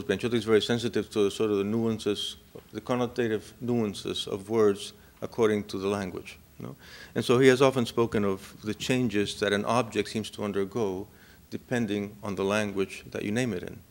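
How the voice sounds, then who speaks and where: Low gravelly man lecturing. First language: Spanish. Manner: reflective, checks in with listeners often. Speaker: university lecturer. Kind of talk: academic lecture.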